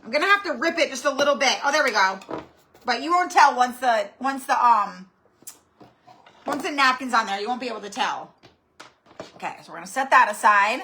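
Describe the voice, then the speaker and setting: A woman's voice: on the high side, expressive, brisk, long pauses, bright, forceful tone, slight background noise. A woman hosting a live-stream craft tutorial, chatty and rambling as she greets viewers by name. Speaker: craft channel host.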